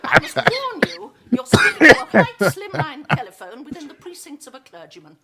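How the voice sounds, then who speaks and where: An actress playing a snobbish, pompous middle-aged housewife with prim, affected diction, from a sitcom clip. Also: female voice, high voice, wildly swooping pitch, normal speed. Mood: haughty. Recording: TV sitcom clip with loud noise and laugh track.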